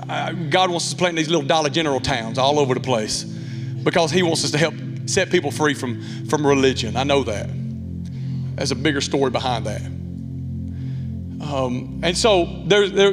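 A man in his thirties with a Southern Alabama accent, preaching a folksy, candid sermon with lots of asides. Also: fairly high pitch. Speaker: pastor. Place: church sanctuary. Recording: long church reverb with music.

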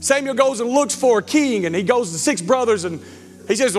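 A man, preaching a sermon as pastor, animated and joking, stumbling over words. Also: very high-pitched, fairly quick. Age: 40s. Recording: church hall reverb with faint music.

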